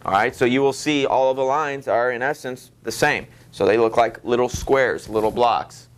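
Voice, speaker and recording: A man teaching a high school literature class in a loose, rambling way, full of fillers and restarts. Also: normal speed, clear, resonant tone. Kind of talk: classroom lecture.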